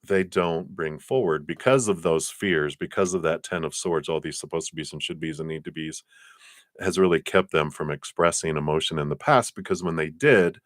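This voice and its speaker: A man at a moderate pace reads tarot on a live stream, his talk loose, spiritual, and sprinkled with fillers. Quoted voices get acted out with big swings in pitch. The audio is studio quality without echo.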